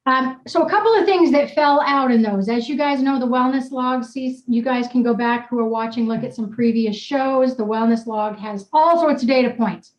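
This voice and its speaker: A woman's voice: on the high side, normal speed, few pauses, roomy sound, rough recording. A woman wellness coach leading a group video call in an upbeat, teasing, blunt manner. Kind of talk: casual coaching chat.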